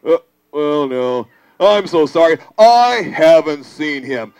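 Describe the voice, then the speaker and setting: A puppeteer voicing a protective lion parent in a live children's puppet show, speaking slowly and apologetically. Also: mid-range voice, sing-song, darkish tone, clean tone, lo-fi sound, pitched below the performer's own voice. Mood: proud. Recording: live show with audience and music.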